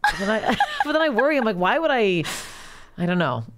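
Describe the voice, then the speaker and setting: A woman hosting a comedy podcast, excitable and swearing freely in casual chat. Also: fairly high pitch, quick pace.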